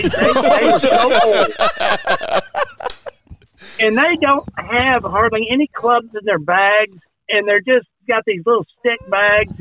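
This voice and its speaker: A man from Oklahoma, co-host of a golf podcast, telling an animated anecdote and acting out the dialogue. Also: high-pitched, slight background noise. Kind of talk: casual storytelling. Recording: dry, phone-like narrow sound.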